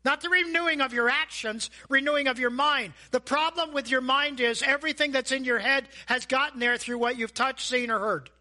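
A man preaching a sermon as a pastor, animated and asking the congregation questions. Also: very high-pitched, a little fast, hardly any pauses. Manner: animated, acts out voices and asides; asks the audience questions.

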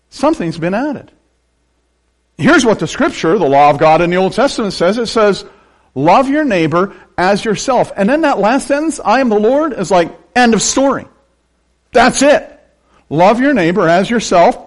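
An older male pastor from western Pennsylvania delivers a sermon. His voice sits slightly high and leaps around expressively as he drives points home. He breaks into quick, joking asides between his points. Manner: animated preaching with joking asides.

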